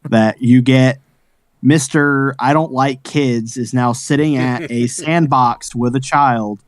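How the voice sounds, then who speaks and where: Dry-sounding excitable man recapping a film. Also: mid-range voice, slow, dry recording. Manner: excitable, rambling storyteller. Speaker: podcast co-host. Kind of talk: casual chat.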